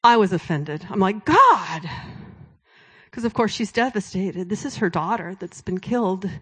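A woman giving a sermon-style testimony, telling a story in a conversational way and dropping to a hushed whisper for quoted words. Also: mid-range voice, animated, a little slow, breathy edge. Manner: storytelling, drops to a hushed whisper when quoting God. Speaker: speaker at a Christian event.

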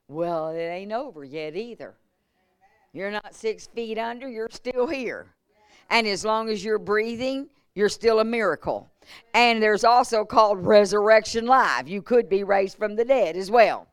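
A woman evangelist preaching at a church revival, moving from hushed storytelling to shouted emphasis. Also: mid-range voice, normal speed, clear, resonant tone, no echo. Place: church service.

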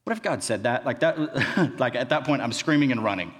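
A college pastor preaches a sermon, retelling scripture in an animated, conversational way with casual asides. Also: male voice, medium pitch, brisk. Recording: long reverb of a large hall.

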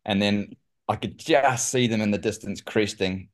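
A man with a New Zealand accent, a guest telling lively stories in casual conversation and saying "mate" often. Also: on the low side, moderate pace. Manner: animated, says "mate" often. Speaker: guest, former pro cyclist. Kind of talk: casual storytelling.

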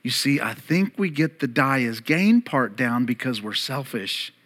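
A man in his thirties preaching a sermon to his church, emphatic, rising loud and high and then dropping soft and low, and calling on the congregation to repeat words. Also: expressive, measured pace. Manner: emphatic, climbs louder and higher, then drops to soft and low. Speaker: pastor.

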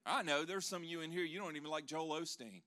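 A man, a pastor, preaching a sermon with animated delivery that swings from loud proclaiming to hushed tones, with joking asides to the congregation. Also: on the high side, fast talker.

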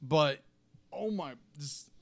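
A man's voice: on the high side, expressive, slow pace, dry recording. A man co-hosting a casual movie review, gushing with enthusiasm and often restarting as he searches for words.

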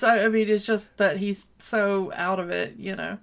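A woman's voice: mid-range voice, fairly even intonation, moderate pace, few pauses. A woman co-hosting a casual chat, speaking hesitantly with many fillers. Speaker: podcast co-host. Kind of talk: casual film discussion.

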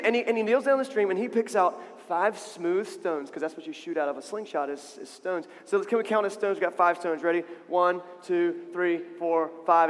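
A man leading an interactive, playful call-and-response story for a young church audience. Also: high-pitched. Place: church stage with big speakers. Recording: reverberant hall over loudspeakers.

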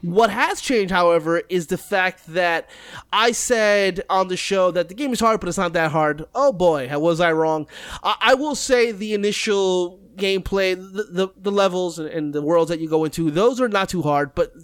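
A young man co-hosts a casual gaming podcast, rambling and teasing as he talks. His voice sits a bit high for a man. The close mic sounds dry, with no room around it. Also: moderate pace, a bit bright, clean tone, dry recording. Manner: joking, rambling, self-mocking. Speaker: podcast co-host. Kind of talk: casual chat.

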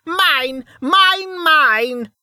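A narrator voicing an unhinged ancient noblewoman in an audiobook, with shrill, drawn-out taunts. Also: animated, a bit bright, dry recording, clean studio sound, full character voice. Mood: shrieking. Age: older. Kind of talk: audiobook character voice.

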